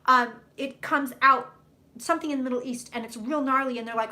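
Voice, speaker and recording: A woman psychic doing live predictions on a stream, talking bluntly and profanely in quick, rambling bursts. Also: high voice, bright, forceful tone.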